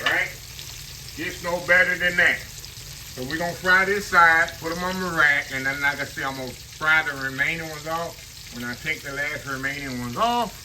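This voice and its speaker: Home cook host, chatty "y'all" talker, very bright tone, faint frying noise. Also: male voice, on the high side. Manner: chatty, keeps saying "y'all". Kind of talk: casual cooking demo. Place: home kitchen, frying on the stove. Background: frying sizzle.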